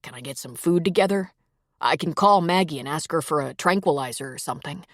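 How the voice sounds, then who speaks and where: A man's voice: fairly high pitch, a little fast, fairly bright tone, dry recording, clean studio sound, natural voice. A woman voicing a supportive male family friend who speaks in an earnest, plain way.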